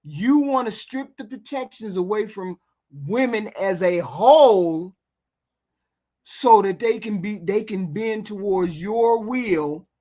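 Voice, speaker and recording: A woman's voice: mid-range voice, mellow. A woman host arguing with a caller on a live call-in stream. She speaks with a confrontational edge, repeating and pressing her point. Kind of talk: heated call-in debate.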